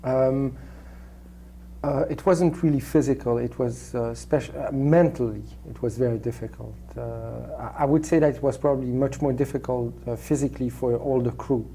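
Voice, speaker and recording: A man with a French accent, a native French speaker raised in Switzerland, answering interview questions in a halting way with many restarts and fillers. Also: mid-range voice, steady tone, warm tone, a little hiss or hum. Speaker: actor, interview guest.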